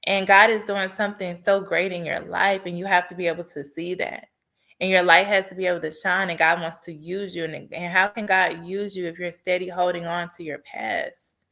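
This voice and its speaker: A woman's voice: on the low side, steady tone, normal speed, gravelly, pushed and bright. Earnest woman sharing a heartfelt testimony. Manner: earnest, heartfelt storytelling with faith encouragement. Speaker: podcast host. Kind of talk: personal testimony monologue.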